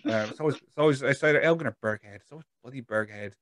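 A Scottish podcast host with a middle-pitched voice who rambles through loose, laughing asides. The sound is dry and close with no room around him. He swears in passing and keeps things casual. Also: fast talker, a bit bright, no room sound. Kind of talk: casual interview chat.

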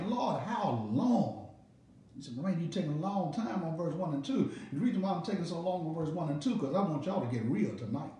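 A man with a Southern American accent, a pastor preaching a Bible study in an animated call-and-response style with repeated phrases. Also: fairly high pitch, a little fast. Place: church sanctuary. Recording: echoey room, mic at a distance.

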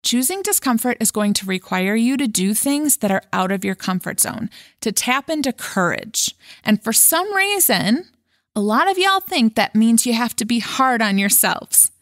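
Woman, motivational podcast host, casual and dramatic, a bit high voice, dead dry sound. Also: normal speed, dry recording. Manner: lively and dramatic, acting out worried thoughts with swings in pitch and pace; casual and frank, with a chuckle now and then. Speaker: podcast host and life coach.

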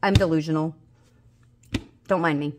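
This woman, also in her 30s, runs a budgeting vlog and talks loosely to viewers while rolling dice, sweet-talking and telling off her dice by turns. She speaks low and fairly evenly at a moderate pace, a bit under the weather and weary, with noise behind her.

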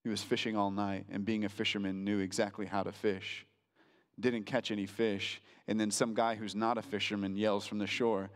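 A male pastor preaching a sermon in a conversational way, slowing down for emphasis and acting out quotes. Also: fairly low pitch, level tone. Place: church sanctuary. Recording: reverberant church hall.

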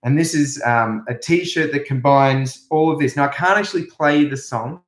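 A man with an Australian accent teaching a playful remote music lesson to young children, chatting and leading songs with actions. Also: medium pitch. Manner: chatty, playful, sings and leads actions slowly. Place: echoey room. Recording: echoey room.

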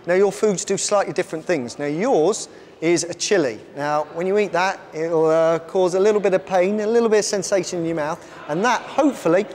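A man presenting a live science show on stage, energetically bossing volunteers around and shouting instructions. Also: sits high. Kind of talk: lively live science demonstration.

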